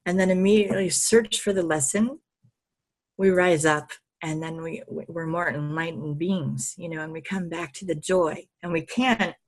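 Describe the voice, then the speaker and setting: A woman guest on an interview show, telling stories in a lively, laughing way and swearing freely. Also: fairly low pitch. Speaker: podcast guest, healer. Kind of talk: casual interview storytelling.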